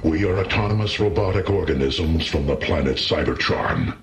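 An older man voicing a calm, commanding heroic robot leader in a deep, gravelly voice, heard in an archival convention clip recorded from a distance. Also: normal speed.

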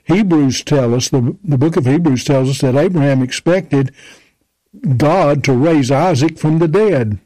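A man's voice: on the high side, unhurried, mellow, dry recording, poor audio. A man preaching a sermon, emphatically quoting and explaining scripture.

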